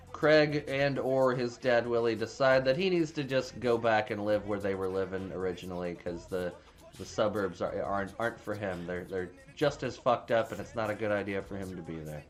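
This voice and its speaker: A man casually recapping a movie plot, rambling with frequent restarts and plenty of swearing. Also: mid-range voice. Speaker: movie reviewer.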